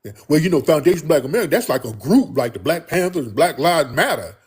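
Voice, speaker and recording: A man's voice: a little high, big pitch swings, breathy edge, pitched above the performer's own voice, full character voice. A man mimicking a rambling, evasive woman. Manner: babbling, fast-talking.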